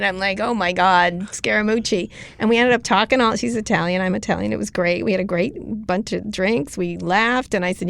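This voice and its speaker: A middle-aged woman as an interview guest, telling stories in a blunt, rapid manner with swearing. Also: mid-range voice, vocal fry, dry recording. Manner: blunt, rapid storytelling with profanity. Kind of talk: casual interview talk.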